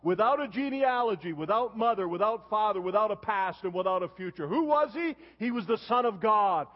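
A man's voice: high-pitched, lively intonation, brisk. A man in his seventies preaching a sermon as pastor, telling stories and punctuating them with a questioning "huh?". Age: 70s. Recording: dull long reverb of a church hall.

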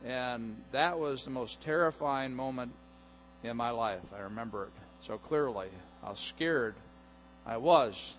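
A middle-aged man preaching a sermon as pastor, animated and jokey, sometimes acting out voices. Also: mid-range voice, measured pace, slight background noise. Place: church sanctuary.

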